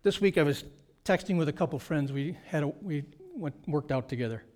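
Pastor, man in middle age, bright high voice, preaching with punchy repeated phrases. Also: animated, brisk. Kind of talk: sermon.

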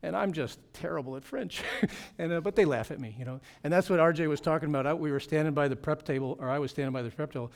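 A middle-aged man, a pastor, giving a lively report on a mission trip to his church. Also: a little high, fast, vocal fry, few pauses. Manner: animated storytelling with frequent laughs.

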